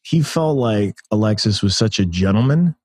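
Man, 30s, American, podcast guest, animated, laughing, low-pitched. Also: moderate pace, slightly rough, dry recording, clean studio sound. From United States. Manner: animated storyteller, laughs often, many restarts. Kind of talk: casual interview conversation.

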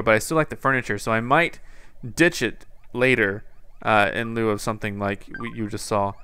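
A young man rambling through casual game commentary, cracking jokes and talking to himself as he plays. His voice is bright and forward, set at an ordinary male pitch, with soft music running under it. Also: smooth. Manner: joking, rambling, self-talking. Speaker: gameplay commentator.

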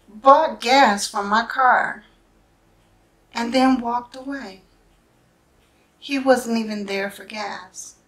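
Slow, earnest woman tarot reader. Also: medium pitch, a bit bright. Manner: earnest, emotional, speaks in short halting phrases with frequent "right?". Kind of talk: spiritual tarot reading, personal storytelling.

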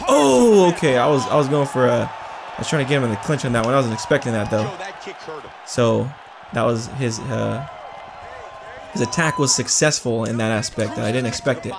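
Male gamer, high and very animated, trash-talking over a roaring game crowd. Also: normal speed, vocal fry, pauses often. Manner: excitable, yelps and laughs, trash-talks the opponent. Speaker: gamer playing a fight game. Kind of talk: excited let's-play reactions. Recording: game arena crowd noise behind. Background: video game crowd noise.

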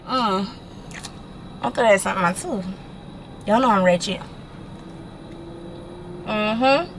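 A woman's voice: fairly high pitch, measured pace, pauses often, a little hiss or hum, low-quality recording. Chatty young woman vlogging from her car. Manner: chatty, animated, slangy, swears casually. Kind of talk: casual chat to camera.

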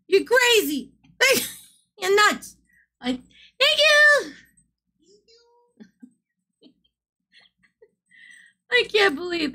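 Giggly bright-voiced woman streamer. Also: very high voice. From American South. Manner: giggly, loud, swears freely. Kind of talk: casual live-stream chat.

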